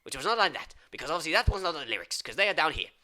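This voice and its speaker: High, sharp-voiced man rambling absurdly. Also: very animated, very fast. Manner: rambling absurd patter, swinging from loud outbursts to whispers. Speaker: improv comedian. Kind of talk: improvised comic monologue.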